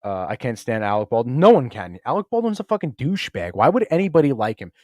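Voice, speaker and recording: A man's voice: medium pitch, big pitch swings, fast talker, dark tone, dry recording, studio quality. A man hosting a podcast in casual chat, talking loosely and with plenty of swearing, and slipping into offhand impressions. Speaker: podcast host.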